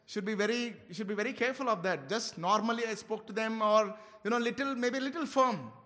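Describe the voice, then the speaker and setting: A man preaching an expository sermon, earnestly shifting between quiet reflection and loud exhortation. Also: high-pitched, fast, big-room sound. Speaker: pastor.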